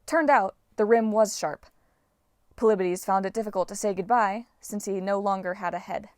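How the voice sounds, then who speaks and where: A woman reads a fantasy audiobook aloud in a steady, even storytelling manner. Her voice sits in a middle pitch. The recording is close and dry. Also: normal speed, dry recording. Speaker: audiobook narrator. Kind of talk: audiobook narration.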